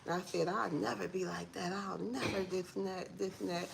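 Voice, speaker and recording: A woman in her forties talks to her viewers from home in a casual morning vlog. Her voice is gravelly with fry and sits on the low side, her manner earnest and a bit preachy. Faint room noise hums behind her. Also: steady tone, normal speed, poor audio. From Detroit, USA. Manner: heartfelt, preachy, talks straight to viewers as y'all. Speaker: vlogger.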